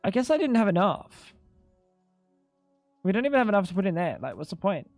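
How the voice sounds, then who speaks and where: A man's voice: sits high, very animated, fairly quick, gravelly, darkish tone, no echo, faint music behind. A man live-streaming a video game in casual, chatty commentary, swearing freely and calling everyone "dude". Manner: chatty, swears a lot, keeps saying "dude". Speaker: gaming streamer.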